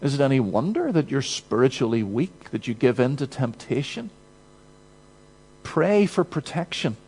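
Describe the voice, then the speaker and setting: A man preaching a sermon in an earnest, emphatic manner, rising to urgency and dropping to quiet. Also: mid-range voice, sing-song, moderate pace, husky, rough recording.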